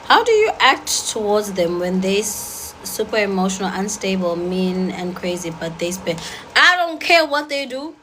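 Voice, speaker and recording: A woman talks straight to a live audience, blunt and sassy, firing off her dating rules. Her voice sits at an everyday middle pitch. A faint hum of noise hangs behind her. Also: big pitch swings, a bit bright, rough recording. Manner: blunt, sassy, rapid-fire. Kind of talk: casual talk to an audience.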